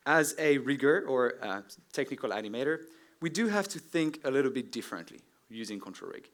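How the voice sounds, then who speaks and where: A man's voice: medium pitch, animated, fairly quick, fairly bright tone. French-accented man giving a tech talk. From France. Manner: friendly, lots of "right?" and "um" asides. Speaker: conference speaker. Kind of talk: technical conference talk. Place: conference stage before an audience.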